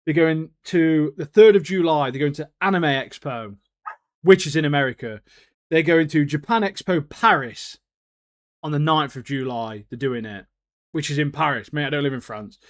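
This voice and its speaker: A man co-hosting a podcast in casual chat, slangy and excitable, laughing often. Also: a little high, moderate pace. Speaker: podcast co-host.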